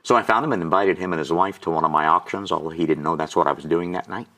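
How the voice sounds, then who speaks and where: A man's voice: low-pitched, fast talker, sharp tone. A man in his sixties, an auctioneer and guest, telling his personal testimony and getting choked up with emotion. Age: 60s.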